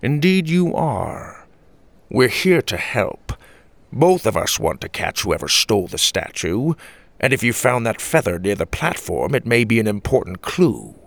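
A man voicing a wise old grandfather explorer in a children's story, speaking slowly and deliberately. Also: fairly low pitch, sing-song, dry recording, full character voice. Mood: thoughtful. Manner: slow, deliberate, gravelly. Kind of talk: storybook character reading.

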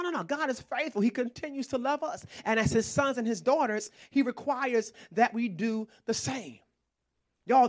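High-voiced passionate male preacher. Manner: passionate, calls out to the congregation. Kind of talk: sermon.

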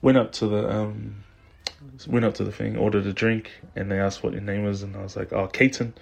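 A man's voice: lowish voice, level tone, a little fast, creaky, a little mellow. A man telling a story in a voice message, in a shy, chuckling way. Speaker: listener sending in a story. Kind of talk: recorded voice message.

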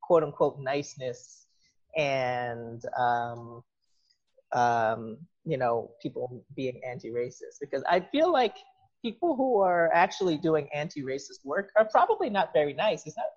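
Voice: mid-range voice, animated, measured pace. Reflective speaker with a mid-range voice. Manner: reflective, many fillers and hedging asides. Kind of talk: casual conversation. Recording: dull lo-fi sound.

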